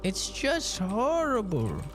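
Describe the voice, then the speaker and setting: A man voicing his prim, scandalized older mother in a high, genteel, prissy voice. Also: huge pitch swings, takes it slowly, music in the background, exaggerated voice.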